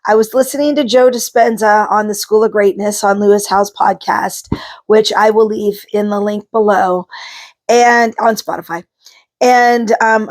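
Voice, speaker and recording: A middle-aged woman talking casually to camera, chatty and rambling, with frequent ums and asides. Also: mid-range voice. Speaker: vlogger, psychic card reader.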